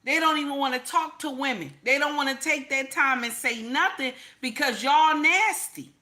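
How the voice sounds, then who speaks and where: A woman's voice: sits high, moderate pace, bright, forceful tone. A woman, giving sassy, repetitive livestream commentary and reading viewer comments aloud. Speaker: commentary streamer.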